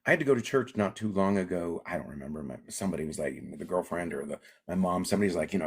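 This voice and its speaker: Middle-aged comedian guy from alaska, low kinda husky voice, casual chat, acts out the voices in his stories. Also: very fast, hardly any pauses. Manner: animated storyteller, acts out quoted voices. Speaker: comedian guest.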